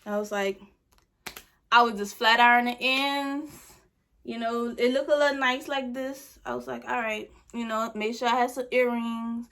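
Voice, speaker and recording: A woman's voice: fairly high pitch, fairly even intonation, normal speed, fairly bright tone. Frustrated young woman venting about a wig. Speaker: beauty vlogger. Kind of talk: casual product review.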